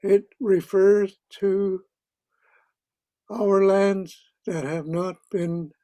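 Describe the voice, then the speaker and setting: An older man, an elder, giving a formal ceremonial welcome in a slow, measured way with pauses, on a video call. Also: high-pitched, fairly even intonation, mellow, no room sound. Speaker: elder giving land acknowledgement.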